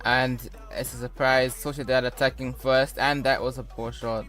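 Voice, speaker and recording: Young man, football game commentary, playful rambling asides, soft music behind. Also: medium pitch, flat delivery, normal speed. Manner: playful sports-caster patter with rambling asides. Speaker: gaming YouTuber. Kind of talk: casual gameplay commentary.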